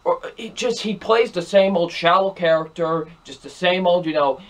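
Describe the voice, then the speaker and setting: An exasperated young man rants through a movie review, hammering the same points again and again. His voice sits fairly high for a man, and his talk is emphatic and repetitive. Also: moderate pace, few pauses, fairly bright tone. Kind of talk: ranting film review.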